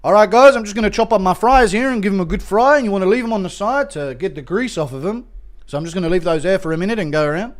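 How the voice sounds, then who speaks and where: A man doing a loud, chirpy impression of a male cooking-show host walking viewers through a recipe. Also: high-pitched, lively intonation, fast, voice pushed up. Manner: loud, chirpy presenter patter.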